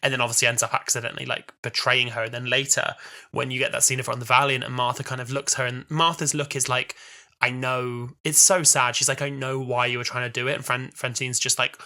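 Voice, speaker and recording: A man's voice: mid-range voice, level tone, fast talker, sharp tone. A man in his twenties co-hosting a casual podcast chat, enthusiastic and rambling, often restarting his sentences. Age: 20s. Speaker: podcast co-host.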